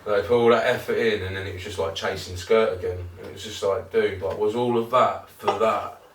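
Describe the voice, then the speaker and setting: A man's voice: fairly low pitch, fairly even intonation, fairly quick. A man co-hosting a podcast, telling rambling, sweary stories in casual chat and laughing often. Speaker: podcast co-host. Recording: roomy, distant mic with faint noise.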